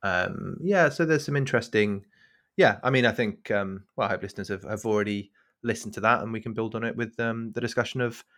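A man's voice: fairly low pitch, fairly quick, a bit bright. A man with a South African accent co-hosting a discussion podcast, chatty and self-mocking, with frequent fillers. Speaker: podcast co-host. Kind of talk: casual discussion.

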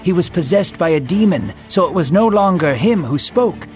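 Guy telling a bible story dramatically, kinda higher voice, soft music behind. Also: lively intonation, normal speed. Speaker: narrator. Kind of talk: scripted storytelling narration.

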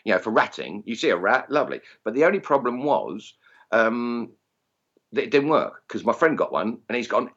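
A man's voice: mid-range voice, very animated, normal speed, a bit bright, slightly rough, highs cut off. A man in casual podcast chat, telling anecdotes in a chatty way and slipping into voices when he tells stories. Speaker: guest, airgun competition organiser.

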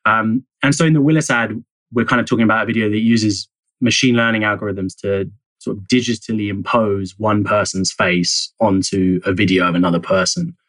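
A man's voice: on the low side, fairly even intonation, fairly quick, a bit bright, no room sound, low-quality recording. A man speaking as a journalist guest in an interview, explaining at length with frequent fillers, hedges and restarts. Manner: hedging, many fillers and restarts. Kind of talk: conversational interview answers.

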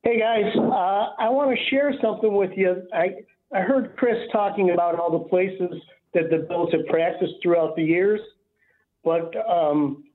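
A man in his sixties calling into a sports radio show, recalling old memories in a halting way. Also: sits high, fairly even intonation. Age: 60s. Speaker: caller. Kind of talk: call-in radio chat. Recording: tinny phone line.

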